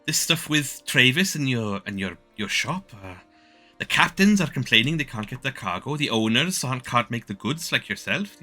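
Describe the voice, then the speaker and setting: A man's voice: mid-range voice, animated, normal speed, sharp tone, soft background music. A man voicing an anxious, indecisive woman mayor with a Welsh accent, stammering and hesitant. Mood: fretful.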